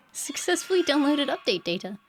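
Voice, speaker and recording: A woman's voice: high voice, very animated, moderate pace, noisy background. A young woman streaming a game live from home, chatting loosely, laughing often and thanking viewers by name. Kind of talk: live gameplay commentary. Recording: game music playing behind. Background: game music.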